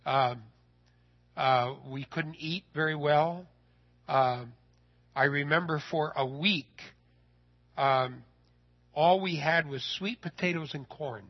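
A man telling a personal story in a sermon, folksy and animated, his voice rising when he gets excited. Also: a little high, takes it slowly, long pauses, muffled recording.

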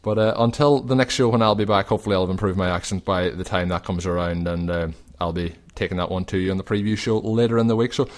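Fast-talking deep-voiced podcast host. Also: male voice, fairly even intonation. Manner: chatty, quick predictions with fillers. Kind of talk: casual sports podcast monologue. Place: recording while travelling.

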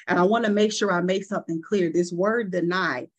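A woman's voice: fairly low pitch, steady tone, brisk. Earnest woman preaching, asking "right?". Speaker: guest preacher. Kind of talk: conversational sermon.

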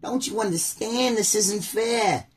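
Man voicing whiny complaining crowd, high and pleading, slow, strained, husky. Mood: whining.

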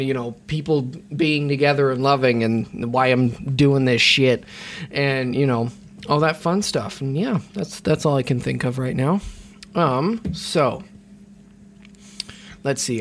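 A man's voice: mid-range voice, a little slow, a little hiss or hum. A young man hosting a podcast who rambles casually, swears freely and fills his talk with ums. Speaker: podcast host.

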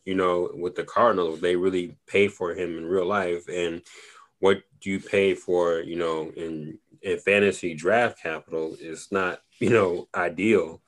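Man, very low voice, laid-back rambling podcast chat, lots of fillers. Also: steady tone, unhurried. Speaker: podcast co-host. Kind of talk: casual fantasy football chat.

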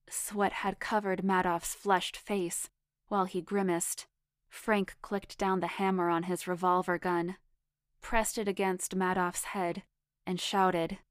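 A woman reading a first-person erotic story aloud in a measured, intimate storytelling manner. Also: on the low side, level tone, smooth, no echo, studio quality. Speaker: story reader.

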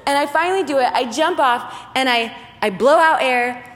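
Emphatic high-voiced woman preaching. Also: moderate pace, long reverb tail. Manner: emphatic, repetitive, animated storytelling. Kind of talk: sermon with personal story.

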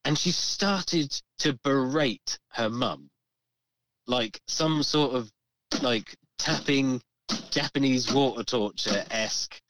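A man co-hosting a podcast, telling a story in a casual, animated way and acting out the voices of the people in it. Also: mid-range voice, slow pace, no echo, rough recording. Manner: animated, swearing, acts out the voices in his story. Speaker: podcast co-host.

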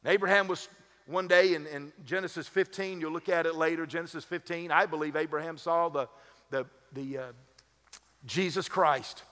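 A man's voice: a little high, steady tone, normal speed, pushed and bright. A man serving as lead pastor, preaching a sermon in a conversational way with humorous asides. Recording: long hall reverb.

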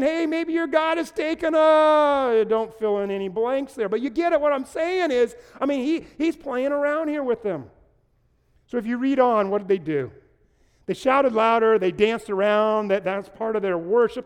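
A man's voice: extremely high pitch, clean tone, big-room sound. A man preaching a livestreamed sermon, speaking conversationally, asking his online audience to answer and adding playful asides. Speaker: pastor. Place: large room with no live audience.

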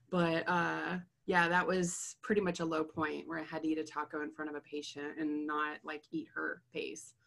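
A woman's voice: lowish voice, fairly bright tone. A young adult woman, a therapist, chatting casually and rambling through a story, laughing often. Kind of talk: casual chat.

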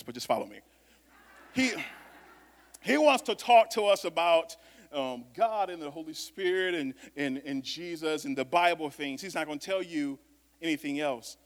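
A man preaching a sermon to a congregation, talking conversationally, with loud bursts of emphasis and quiet asides. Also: on the high side, expressive, normal speed. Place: church sanctuary. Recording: long reverb of a church hall.

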